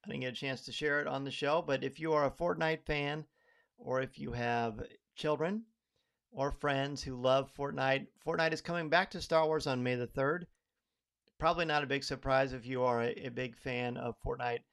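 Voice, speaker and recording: A man's voice: medium pitch, steady tone, normal speed, vocal fry, a bit bright, smooth. A man hosting a live podcast, upbeat and chatty, greeting viewers by name as they arrive. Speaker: podcast host.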